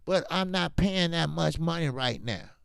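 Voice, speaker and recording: On a casual boxing commentary livestream, the host speaks unhurriedly in a fairly high voice that is gravelly yet smooth. The studio-quality sound has no echo. He's animated and emphatic, drifting into slang.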